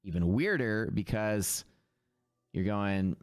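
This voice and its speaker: A man's voice: fairly low pitch, expressive, slow pace, no room sound, studio quality. A man with a Texas accent chatting casually on a live trading stream, rambling and reading viewer comments aloud. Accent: Texan.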